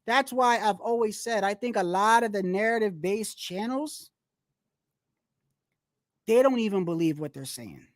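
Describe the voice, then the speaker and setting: A woman's voice: medium pitch, lively intonation, moderate pace, pauses often, no echo, studio quality. A woman hosting a live boxing commentary stream, ranting bluntly with frequent swearing and restarts.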